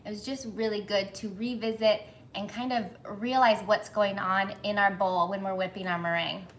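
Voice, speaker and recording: A woman in her thirties hosts a live baking stream from her home kitchen, greeting viewers in casual chat while flustered and sweating in the humidity. Her medium-pitched voice has fairly even intonation and a moderate pace, with a little hiss or hum in the background. She's chatty and apologetic, reading comments aloud.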